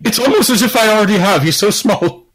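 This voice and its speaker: A man voicing a doting, unhinged cartoonish mother in a shrill, melodramatic improvised comedy voice. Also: fast, fairly bright tone, poor audio. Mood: overwrought. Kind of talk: improvised comedy voice in online chat.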